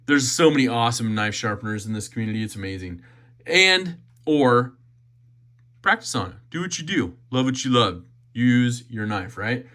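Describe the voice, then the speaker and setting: Bright-voiced chatty man. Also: medium pitch, sing-song, normal speed. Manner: chatty, enthusiastic, repeats phrases. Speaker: knife reviewer. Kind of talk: casual unboxing review.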